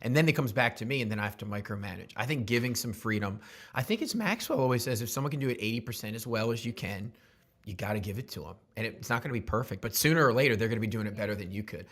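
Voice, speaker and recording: A man's voice: fairly low pitch, expressive, very fast, fairly bright tone. A man who leads a church, talking earnestly about leadership as a podcast guest. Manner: earnest, reflective, gives examples. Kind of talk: casual podcast interview.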